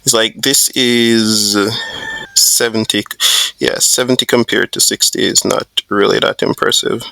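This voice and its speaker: A man's voice: on the low side, steady tone, unhurried, creaky, pushed and bright, dry recording. A man hosting a trading video, casually thinking aloud through a live trade with frequent fillers and restarts. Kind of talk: live screen-share trade commentary.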